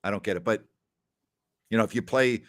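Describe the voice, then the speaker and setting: A man's voice: fairly low pitch, brisk. A middle-aged man hosting a casual question-and-answer show, chatty and given to anecdotes with quoted dialogue, often saying "absolutely". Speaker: host answering listener questions. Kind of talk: casual Q&A storytelling.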